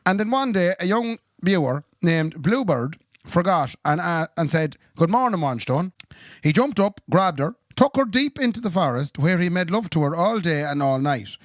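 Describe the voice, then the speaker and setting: A man's voice: high voice, expressive, moderate pace, few pauses, no echo, clean studio sound. A man co-hosting a podcast, telling a joke in a wry, teasing manner. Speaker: podcast co-host.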